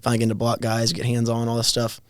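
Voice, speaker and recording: A college athlete in his twenties, telling his story in a guest interview with many halting restarts and little chuckles. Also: medium pitch, monotone, no room sound. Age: 20s. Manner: halting, repeats words, chuckles while telling stories. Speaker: college football player, guest.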